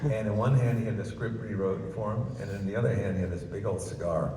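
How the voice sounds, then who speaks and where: An older man, the festival's guest comedian, talks fast in a fairly low voice as he tells stories on stage in a chatty, self-amused way. He's in a large book-festival ballroom, recorded far from the mic amid echo and noise.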